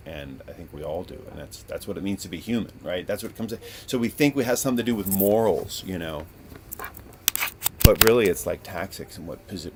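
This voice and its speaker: A man from Northern California hosting a podcast, rambling through a casual, profane story in an animated way. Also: low-pitched, noisy background. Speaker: podcast host.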